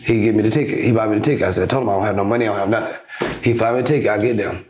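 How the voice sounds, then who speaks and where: Animated young man telling a story in an echoey room. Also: lowish voice, very fast, background noise. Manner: animated storyteller acting out quoted exchanges. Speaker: podcast guest, basketball influencer. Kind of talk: casual storytelling interview.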